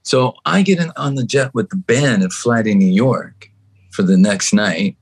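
A man from Canada, a guest musician on a podcast, telling a story with animated energy and acting out what other people said. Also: fairly low pitch, unhurried, slightly rough. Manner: animated, acts out other people's lines in shifting voices. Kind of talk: storytelling anecdote in a podcast chat.

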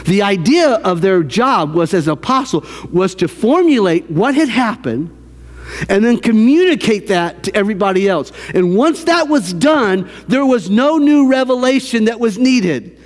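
A man preaching a sermon as a church pastor, animated, with repeated phrases and restarts. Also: high voice, unhurried, in a large hall. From American South. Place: church sanctuary.

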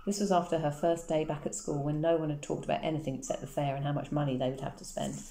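A woman reading a chapter of a children's novel aloud in a calm, measured storybook narration. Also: low-pitched. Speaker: audiobook reader.

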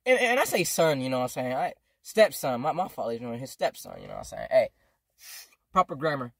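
Young man, fast rambling storyteller, slangy and profane, dry close sound, casual vlog. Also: medium pitch, huge pitch swings, fairly bright tone, no room sound. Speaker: vlogger.

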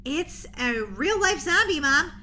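Woman voicing Molly, a squealy excitable girl. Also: high voice, a little slow, heavily acted. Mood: frantic. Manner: breathless, squealing, stammers when scared. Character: excitable schoolgirl Molly, goofy and dramatic. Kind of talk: Roblox role-play voice acting.

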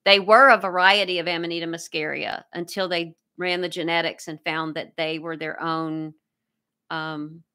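Woman host, bright and crisp tone, loose chatty livestream delivery, warmly thankful to viewers. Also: on the low side, fairly even intonation, normal speed. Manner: reads viewer comments aloud, effusively grateful. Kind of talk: casual livestream chat.

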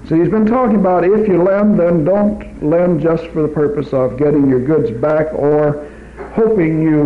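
A man preaching a teaching sermon in a church, in a measured way, quoting scripture in old King James wording, on an old tape recording. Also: fairly high pitch. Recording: tinny phone-like old tape recording, faint hiss.

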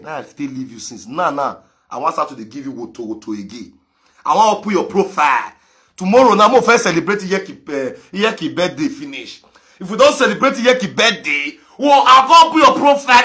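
A man with a Nigerian Pidgin accent ranting on a live video, mocking others with frequent laughter and sudden shouts. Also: sits high. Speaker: social media commentator.

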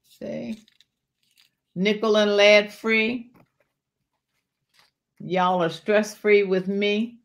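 A woman hosting a casual live-stream jewelry sale, chatting freely, calling viewers by name and urging them to order and join her shows. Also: medium pitch. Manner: chatty, calls out viewers by name, folksy Southern-style warmth in words like y'all.

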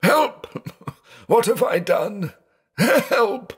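A man's voice: deep voice, animated, a little slow. A man voicing a terrified old blind man who pleads and shrieks in panic. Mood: frantic shrieking.

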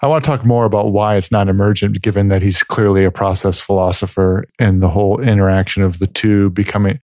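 Lowish male voice, dry close mic. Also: flat delivery, fast talker, a little mellow, no echo. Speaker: podcast co-host. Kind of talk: casual philosophy discussion.

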